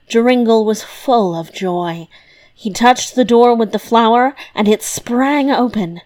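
Slow, measured woman reading a fairy tale. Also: medium pitch. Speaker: storyteller. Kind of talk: scripted storybook narration.

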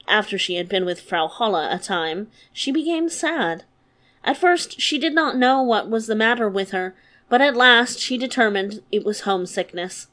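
A woman hosting and reading a fairy tale aloud, with measured, expressive storytelling. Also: medium pitch. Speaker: reader and host. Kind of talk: storybook narration.

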